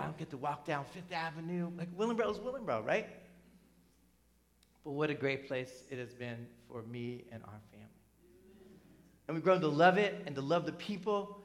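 A middle-aged man from New Jersey preaching a sermon in a conversational, animated way, full of asides and tag questions. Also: high voice. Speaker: pastor.

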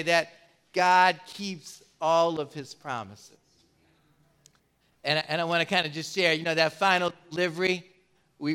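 Man, pastor, sermon, emphatic, bright clear voice. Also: fairly high pitch. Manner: emphatic, repeats words, acts out quoted voices.

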